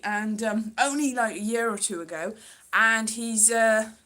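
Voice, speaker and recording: Bright-voiced Welsh-born woman vlogging. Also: on the high side, measured pace. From Wales. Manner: rambling, self-deprecating, full of fillers and restarts. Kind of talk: casual vlog monologue. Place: home, London.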